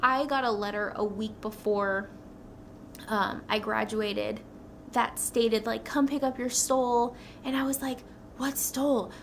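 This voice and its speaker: A young woman telling her personal story in a casual vlog, rambling and excitable, with many "like"s. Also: a little high, a little slow, a little hiss or hum. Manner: rambling, excitable, says "like" often. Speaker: new nurse vlogger.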